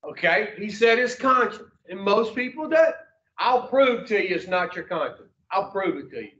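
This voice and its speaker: A man speaking at normal speed in a high, animated voice that sounds pushed and bright gives a blunt, foul-mouthed motivational talk. He quizzes the small audience in the room in a folksy manner, and the audio is roomy, far off, and muffled.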